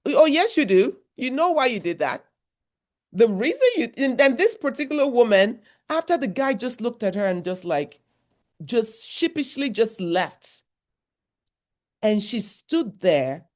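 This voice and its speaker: A woman's voice: fairly high pitch, very animated, unhurried, darkish tone. Emphatic woman therapist at a workshop. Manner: conversational, repetitive, emphatic asides. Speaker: therapist giving a workshop talk. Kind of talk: motivational workshop talk.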